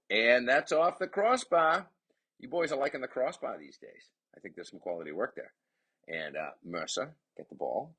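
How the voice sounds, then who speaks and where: A man giving chatty, excitable play-by-play commentary on his son's game, with rambling asides. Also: low-pitched, slightly rough. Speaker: parent commentator.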